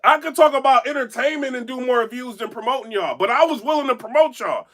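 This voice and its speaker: A man talking indoors in a casual live-stream commentary, animated and rambling, often checking in with his chat. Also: extremely high pitch, quick pace. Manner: animated, rambling, keeps asking "you know what I'm saying". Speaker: battle rap commentator and blogger. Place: indoor room.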